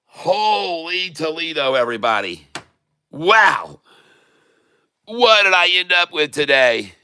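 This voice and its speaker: Guy hyped up calling trades live, super bright tense voice, slow and drawn out, dry close sound. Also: fairly high pitch, sing-song, clean tone, no room sound. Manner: exclamatory, rattles off prices, addresses viewers as folks. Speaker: day-trading livestream host. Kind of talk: excited live trading commentary.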